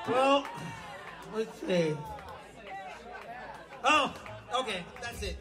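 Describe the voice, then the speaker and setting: A man's voice: very high-pitched, expressive, very slow, pauses often. A man telling crude jokes in a rambling live stand-up set. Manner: rambling, crude, loose storytelling. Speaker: stand-up comedian. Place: small live venue with music. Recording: live club recording with crowd and music. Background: music and audience noise.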